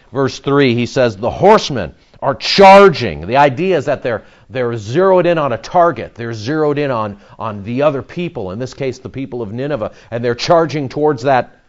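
A man's voice: medium pitch, lo-fi sound. A man preaching an expository sermon, emphatic and repetitive, stressing key words with frequent fillers and restarts. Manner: emphatic, repeats words for effect, many fillers.

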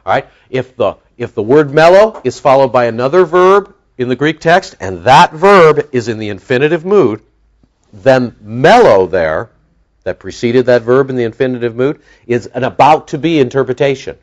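A man's voice: mid-range voice, lively intonation, moderate pace. A man preaching an expository sermon, teaching verse by verse and acting out the characters' voices as he tells the story. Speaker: pastor.

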